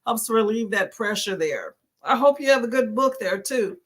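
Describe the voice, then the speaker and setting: A woman hosting a casual reading livestream, greeting viewers by name and leading gentle stretches. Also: on the high side, animated, normal speed. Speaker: booktube host.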